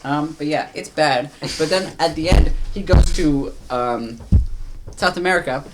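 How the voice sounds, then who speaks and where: A man's voice: on the high side, a little slow, noisy background. Rambling young man retelling a plot. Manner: rambling, stumbling retelling with many fillers. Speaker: podcast co-host. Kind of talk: casual chat.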